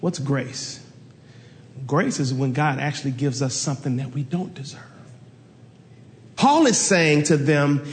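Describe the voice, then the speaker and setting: Animated preacher in a reverberant hall. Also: male voice, a little slow, pauses often. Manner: animated storytelling preacher, jumps high in pitch for quoted voices. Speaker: pastor. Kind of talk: sermon.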